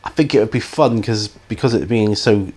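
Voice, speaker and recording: A man's voice: on the low side, normal speed, darkish tone, husky. A middle-aged man, hosting a hobby channel's viewer Q&A in a rambling, hesitant way with many ums and restarts. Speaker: YouTube hobby channel host answering viewer questions. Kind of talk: casual Q&A chat.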